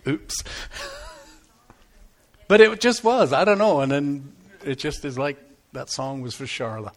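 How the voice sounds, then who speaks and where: A man's voice: fairly high pitch, wildly swooping pitch, slow pace, long pauses. A man from England with a Devon accent, preaching a sermon in a joking, conversational way at a church service. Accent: English, Devon. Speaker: pastor. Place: church service, live and streamed.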